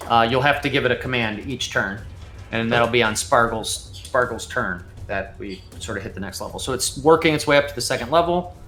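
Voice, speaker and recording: A man's voice: mid-range voice, brisk, fairly bright tone. A man narrating as game master in a loose, laid-back manner with many fillers. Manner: loose, filler-heavy, laughs easily. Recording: roomy echo, faint music behind.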